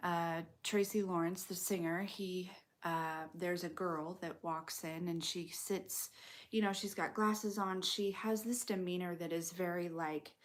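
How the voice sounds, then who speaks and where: A woman giving a casual intuitive reading, talking in a slow, rambling way with many fillers. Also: lowish voice. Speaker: intuitive reader. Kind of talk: casual spoken tarot-style reading.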